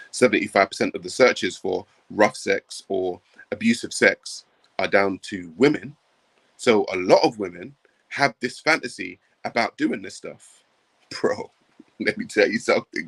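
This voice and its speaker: A man's voice: lowish voice, breathy edge. A man hosting a livestream, talking emphatically, repeating his points and calling viewers bro. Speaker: livestream host. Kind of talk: livestream commentary.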